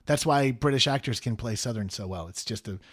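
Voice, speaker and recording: A man co-hosting a podcast, chatting casually and haltingly with lots of fillers. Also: medium pitch, husky. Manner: rambling, halting with many fillers. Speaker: podcast co-host. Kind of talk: casual chat.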